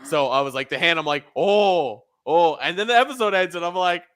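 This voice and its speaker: Male podcast co-host, bright, smooth voice, loose and rambling. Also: high voice, lively intonation, fast talker. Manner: rambling, laughs often. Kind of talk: casual chat.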